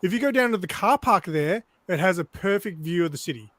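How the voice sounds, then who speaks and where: Animated high-voiced Australian man. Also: fairly quick, dry recording. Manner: animated storyteller. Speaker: guest on a stream panel. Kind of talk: casual chat on a video call.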